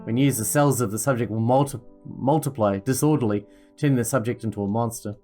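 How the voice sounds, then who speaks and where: Determined male scientist, explanatory, mid-pitched man's voice, a reader's own, brisk. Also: mellow, faint music behind, close to an everyday voice. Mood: explaining. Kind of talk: reading a visual novel aloud.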